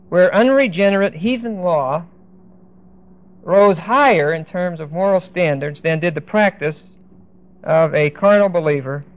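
A man teaching a verse-by-verse Bible lesson, speaking deliberately and with emphasis, stopping now and then to look up verses. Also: high-pitched. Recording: dull lo-fi recording.

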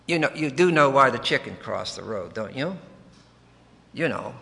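A man's voice: mid-range voice, normal speed, gravelly, bright, forceful tone. A man preaching a sermon, breaking down a Bible verse word by word, emphatic, with folksy joking asides. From United States. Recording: long reverb of a large hall.

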